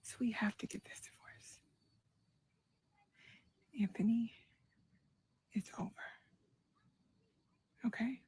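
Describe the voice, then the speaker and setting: Wife role, woman acts it out, slow, hushed and breathy, dark tone, comedy skit. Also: on the high side, steady tone, heavily acted, low-quality recording. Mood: cold. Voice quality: soft, half-whispered. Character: wife ending her marriage, cold and firm. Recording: played from a web skit.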